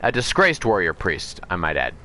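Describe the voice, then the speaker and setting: A man's voice: sits low, wildly swooping pitch, bright, forceful tone, a little hiss or hum. A man streaming a game, casually retelling a comic story, often correcting himself and speeding up in bursts. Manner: rambling, self-correcting recap with quick bursts. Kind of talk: casual storytelling while gaming.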